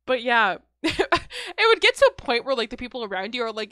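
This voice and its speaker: Giggly young woman co-host, bright, lively voice, dry close sound. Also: fairly high pitch, normal speed, few pauses, dry recording. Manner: giggly, animated, lots of "like". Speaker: podcast co-host. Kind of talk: casual chat.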